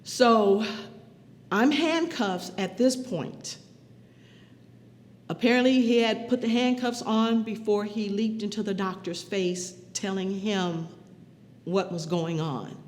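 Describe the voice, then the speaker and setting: A woman recounting her own experience as personal testimony, speaking in a measured, earnest way. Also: mid-range voice, darkish tone, big-room sound.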